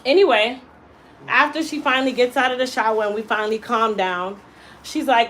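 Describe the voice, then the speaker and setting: A woman's voice: a little high, fairly quick, slight background noise, poor audio. A woman hairstylist telling a personal story in a casual, emphatic way while working in her salon. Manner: animated, emphatic storyteller who acts out quotes. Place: hair salon.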